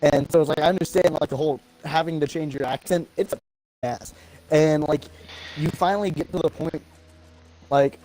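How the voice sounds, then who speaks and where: Fairly high-voiced, foul-mouthed man gaming. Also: warm tone, rough recording. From American South. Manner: swears a lot, gets heated at teammates; gets tongue-tied, pauses and restarts. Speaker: gamer on a live stream. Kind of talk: casual chat while gaming.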